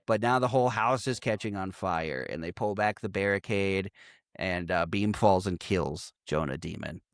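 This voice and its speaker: A man's voice: low voice, normal speed, clear, resonant tone, dry recording, studio quality. A man co-hosting a podcast, recapping a film in casual chat, swearing freely and laughing often. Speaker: podcast co-host.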